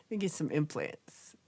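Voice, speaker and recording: A young woman chats through her livestream, reading out viewer comments and reacting as she goes. Her voice sits low, yet her pitch swings widely and animatedly. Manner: chatty, reacts with gasps and laughs, animated. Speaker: livestream host reading chat. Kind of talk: casual livestream chat.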